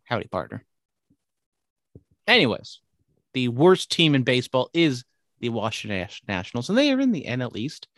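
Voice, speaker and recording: A man co-hosting a casual sports talk show, running through scores and records with wry, upbeat energy. His voice is mid-pitched and sounds dry and close, with no room around it. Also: big pitch swings, a little fast, a bit bright, dry recording. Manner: upbeat, wry, jumps between stats and jokes. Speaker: podcast co-host.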